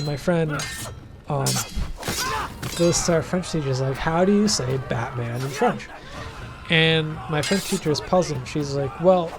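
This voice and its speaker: A young man casually chatting while playing a game, rambling with many fillers and frequent laughs. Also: on the high side. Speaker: gaming channel host. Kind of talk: casual let's-play commentary. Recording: game music behind the voice.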